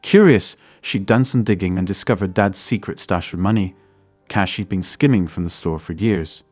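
Male audiobook narrator with a lowish voice, dry close recording, soft music underneath. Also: moderate pace, no echo. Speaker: story narrator. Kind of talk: scripted first-person story narration.

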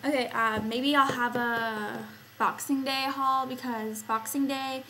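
A young woman from Canada talks casually to her camera at home, her voice sitting a little high. She rambles freely, leaning on fillers and loose asides. A faint hum of room ambience sits under the camera-mic sound. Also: steady tone, takes it slowly, bright, forceful tone, rough recording. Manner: rambling, filler-heavy, lots of "like" and "um". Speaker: vlogger. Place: home, indoors, by a Christmas tree.

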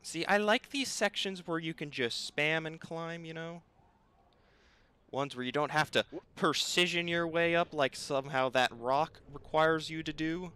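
A man's voice: fairly high pitch, measured pace, sharp tone, clear, resonant tone. A young man commentating his own gameplay, exasperated and bickering aloud with the game and himself. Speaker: gaming video host.

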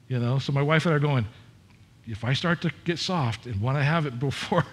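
A man's voice: mid-range voice, a little fast, breathy edge. Conversational middle-aged male pastor preaching. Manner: candid, conversational preaching with repetitions and restarts. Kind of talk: sermon.

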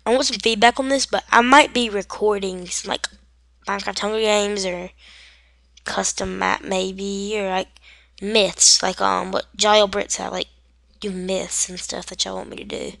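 A woman's voice: mid-range voice, fairly even intonation, moderate pace, vocal fry, fairly bright tone, no room sound, clean studio sound. Rambling jokey woman gaming. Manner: rambling, jokey, reads screen text aloud. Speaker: gaming video creator. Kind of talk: casual game commentary. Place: indoors at home.

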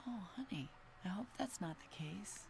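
A woman's voice: mid-range voice, animated, gravelly, a little mellow. An actress playing a caring but frustrated middle-aged mother who snaps when hurt, over a noisy cartoon soundtrack. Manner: caring but quick to snap.

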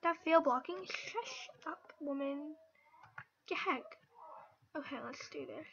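A young woman chatters over her gameplay in a high, bright voice. She drawls along slowly, then breaks into squeals and quick whispered asides. The recording is dull and lo-fi. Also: vocal fry, slight background noise. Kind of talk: casual gameplay commentary. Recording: dull lo-fi mic.

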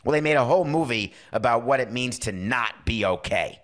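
A man's voice: mid-range voice, animated, fairly bright tone. A middle-aged man hosting a sports podcast, talking casually and opinionatedly and acting out little bits of dialogue. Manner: opinionated, acts out dialogue in quick asides. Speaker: podcast host. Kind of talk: casual sports talk monologue.

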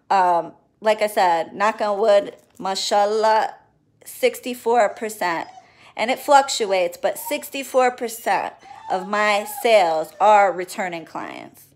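Woman, livestream chat, casual, affectionate, swears casually, spiritual reader. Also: medium pitch. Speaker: spiritual reader and spell worker.

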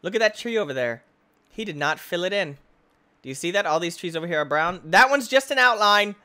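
An excitable man rattles off goofy let's-play commentary, his voice leaping all over the place. His tone is bright and sharp, and he breaks into yells and shrieks as he plays. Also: high-pitched, brisk, clean tone. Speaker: gaming YouTuber.

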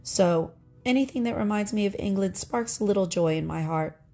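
A woman's voice: medium pitch, moderate pace, warm tone, soft background music. A middle-aged woman vlogger chatting about her thrift finds in a nostalgic, friendly way, laughing often. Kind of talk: casual show-and-tell narration.

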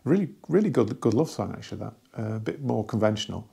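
A man casually talking through an album from his record collection, rambling and enthusiastic with many pauses and restarts. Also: fairly low pitch, expressive, creaky, warm tone, husky. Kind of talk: casual hobby vlog.

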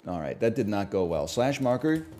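A man's voice: on the low side, very animated, normal speed, over music. A man streamer rambling casually from one topic to another. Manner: rambling, jumps between topics.

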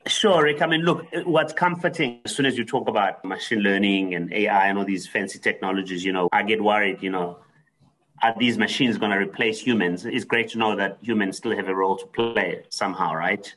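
A man's voice: fairly low pitch, a little fast, a bit bright, poor audio. A man interviewing a guest, asking questions in a hesitant way with lots of fillers.

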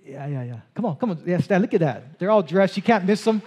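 A man pastor interviewing a church member onstage during a service, chatty and animated, with quick asides. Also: high-pitched, breathy edge.

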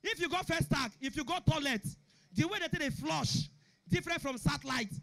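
A young man with a Nigerian Pidgin English accent performs stand-up comedy, shouting his punchlines and acting out characters. His voice is very high and brisk, with some vocal fry.

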